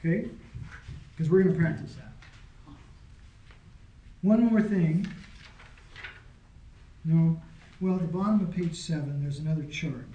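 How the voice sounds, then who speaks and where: A man's voice: fairly high pitch, a little slow, pauses often, warm tone, muffled recording. A man teaching a small Greek class in a casual, patient way, often checking that his students follow. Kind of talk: informal classroom lesson. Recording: echoey room.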